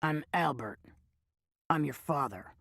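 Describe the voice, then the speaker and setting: A woman doing a raspy, drawling old drifter. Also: deep voice, lively intonation, takes it slowly, a bit bright, no echo, clean studio sound, full character voice. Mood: wheedling.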